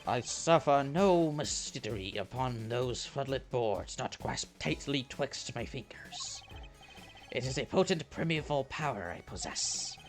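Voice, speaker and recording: Man putting on a put-on French accent, grandiose stage magician, theatrical and pompous, mid-pitched. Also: lively intonation, a little slow, soft background music. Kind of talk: voicing game dialogue.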